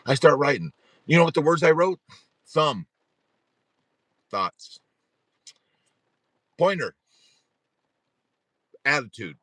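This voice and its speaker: A middle-aged man hosting a support group livestream, telling a story in a rambling, animated way and often restarting his sentences. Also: fairly high pitch, takes it slowly, long pauses, dry recording.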